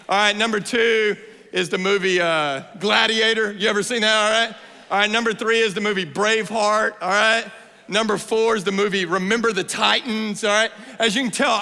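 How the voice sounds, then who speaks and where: Male preacher, 30s, bright and forceful, playful build to shouts, big hall echo. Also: high voice, creaky. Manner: playful, energetic, rising to shouts. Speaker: guest preacher. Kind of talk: sermon. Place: church sanctuary. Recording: long hall reverb.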